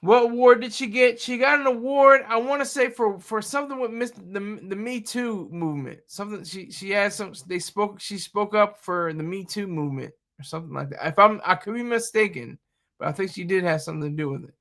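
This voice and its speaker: A man's voice: sits high, brisk. A man hosting a casual livestream, riffing and joking with lots of laughter. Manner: laughs often, animated, jokey riffing. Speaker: livestream host.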